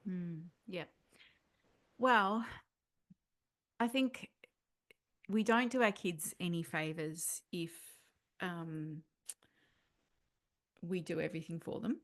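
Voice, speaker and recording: A woman's voice: lowish voice, fairly even intonation, takes it slowly, long pauses, a bit bright. A middle-aged woman, a parenting educator answering podcast questions in an earnest, explaining way.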